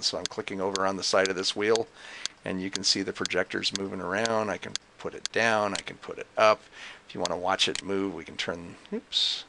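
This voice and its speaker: Gravelly low-voiced man explaining software. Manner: casual, thinking aloud with many fillers. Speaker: software demonstrator. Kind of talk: screen-recorded software tutorial. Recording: noisy home recording with mouse clicks.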